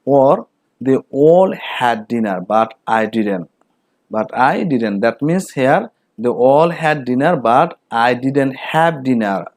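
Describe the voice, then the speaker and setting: A man with a Bengali accent teaches English grammar at a middling pitch. He reads each example out slowly and then repeats it. The recording is close and dry. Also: lively intonation, a little mellow, no room sound.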